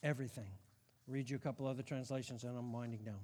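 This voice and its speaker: A middle-aged man preaching a sermon as pastor, animated, dropping to a hush and then shouting. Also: medium pitch, rapid-fire, slight background noise. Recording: long hall reverb.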